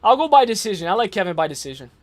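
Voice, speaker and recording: A man hosting a casual live stream, making fight picks in slangy, excitable chat and reacting to his viewers' comments. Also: high voice, racing.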